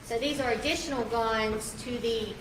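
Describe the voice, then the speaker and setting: A woman prosecutor questions a witness in court, slowly and haltingly, with frequent ums. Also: a little high, fairly even intonation, a loud crowd. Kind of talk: courtroom direct examination. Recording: echoey courtroom with noise.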